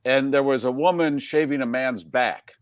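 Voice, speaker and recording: A man's voice: medium pitch, normal speed, clear, resonant tone, no echo. Wisecracking male host, dry studio sound. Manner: wisecracking, reads off listener check-ins. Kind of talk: casual live show banter.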